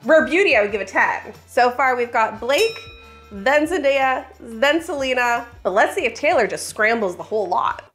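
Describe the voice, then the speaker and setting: A woman's voice: fairly high pitch, expressive, moderate pace, fairly bright tone, faint music behind. A woman hosting a home baking video, chatting along in an upbeat, thinking-aloud way in her kitchen. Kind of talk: casual baking vlog chat.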